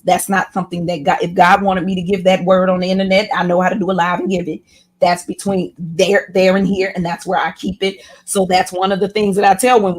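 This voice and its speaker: Impassioned woman with a preacherly flow. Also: lowish voice. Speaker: guest, women's class leader. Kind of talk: candid interview talk.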